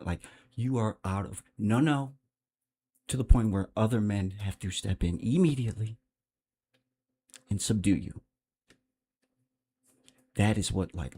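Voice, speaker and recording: A man with a fairly low voice hosts a livestream and talks off the cuff. His commentary is blunt and profane, and he rambles from point to point. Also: lively intonation, unhurried, long pauses, warm tone, breathy edge. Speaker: livestream host.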